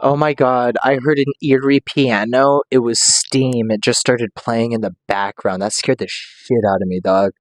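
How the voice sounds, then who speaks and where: A man's voice: mid-range voice, steady tone, moderate pace, few pauses, no room sound. A young man giving casual, rambling reaction commentary, joking around and swearing freely. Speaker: reaction streamer.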